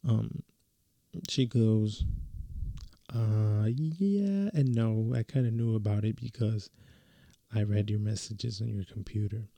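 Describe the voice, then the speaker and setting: A man's voice: lowish voice, level tone, slow pace, gravelly, pauses often, mellow, no echo. A young man telling a story in a casual, slangy way, full of fillers and restarts.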